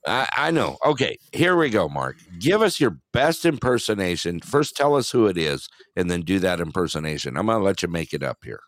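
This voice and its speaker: A man's voice: low-pitched, big pitch swings, brisk, few pauses, no room sound. A man hosting a joking call-in panel, teasing the guests and pushing them to do impressions. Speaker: host of a call-in panel show.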